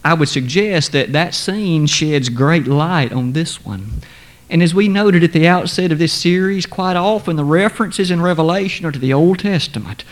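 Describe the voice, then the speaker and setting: Preacher, male, slightly high voice, measured and emphatic sermon delivery. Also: lively intonation.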